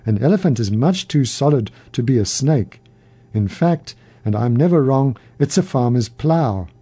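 A scornful blind man who brushes off every other view and boasts that he is never wrong, as a man reads him out. The voice is deep, dark and mellow, and this is a storybook tale. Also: lively intonation, moderate pace, slightly rough. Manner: scornful, dismissive.

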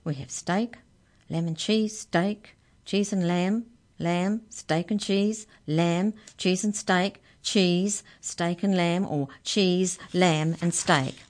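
A woman voicing a huge male giant pastry cook who booms loudly in a storybook reading. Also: slow. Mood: booming. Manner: booming, loud.

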